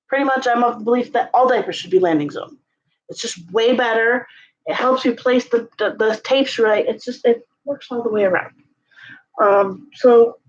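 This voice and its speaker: A woman chatting casually at home in a vlog, sick, her voice strained and forced, rambling with many fillers. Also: highs cut off. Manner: rambling, many fillers, coaxes cat in high sing-song calls. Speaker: vlogger. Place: home closet, indoors.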